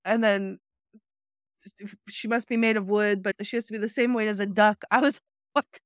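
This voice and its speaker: A woman's voice: medium pitch, fairly even intonation, normal speed, clear, resonant tone, dry recording, clean studio sound. A woman co-hosting a casual talk show, chatting animatedly and acting out quoted movie lines as she retells them. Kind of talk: casual chat about a movie.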